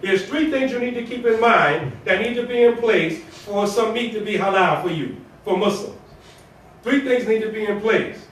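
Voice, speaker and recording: In an echoey mosque prayer hall, an imam's voice carries from far away as he gives the Friday sermon. He speaks at a moderate pace in a high, slightly bright voice, with a faint hiss or hum present. His preaching is colloquial, conversational, and full of rhetorical questions and repetition.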